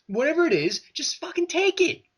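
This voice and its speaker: A man co-hosting a casual review podcast, ranting and swearing with lively, exasperated energy. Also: very high-pitched, fairly quick. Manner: ranting, profane, animated. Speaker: podcast co-host.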